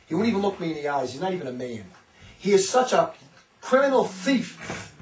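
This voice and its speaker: A man's voice: high voice, big pitch swings, brisk, darkish tone, echoey room, distant mic, rough recording. A man who leads a religious community, preaching in a fervent, informal way. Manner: fervent, often acts out others' words. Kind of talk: impassioned informal sermon.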